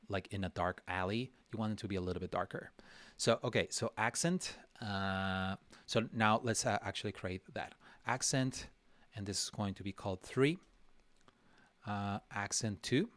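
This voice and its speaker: A man with a fairly low voice talks through a drawing lesson on a livestream, thinking out loud, restarting his sentences and teasing himself as he goes. The sound is dry, close and free of room echo. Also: moderate pace. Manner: thinks aloud while working, talks to himself; chatty with frequent restarts and fillers. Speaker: illustrator teaching a live drawing session. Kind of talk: casual livestream tutorial.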